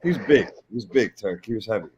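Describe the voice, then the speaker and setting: A man's voice: fairly low pitch, animated, brisk, lo-fi sound, background noise. Blunt, rambling middle-aged male stream host. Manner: rambling storyteller, blunt and profane. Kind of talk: casual chat.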